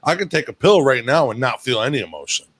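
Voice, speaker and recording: A man's voice: mid-range voice, animated, fast talker, fairly bright tone, breathy edge, no room sound. A man co-hosting a casual chat show, telling stories in a blunt, profane way. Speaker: podcast co-host.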